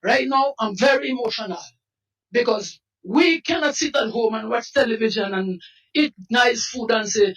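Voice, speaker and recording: Fiery, shouting Dominican man. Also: very high voice, expressive, normal speed. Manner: fiery, shouting, preacher-like appeals. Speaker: protest leader. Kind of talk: impassioned interview. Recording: distant mic.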